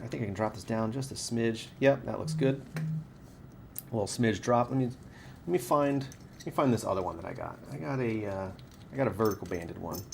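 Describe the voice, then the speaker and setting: A man's voice: lowish voice, gravelly, darkish tone, a little hiss or hum. A man hosting a live stream from his workshop, showing off lightsaber parts in a rambling, chatty way that corrects itself as he goes. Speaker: saber parts maker and stream host. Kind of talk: casual live stream product showcase. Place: home workshop studio with camera and key light.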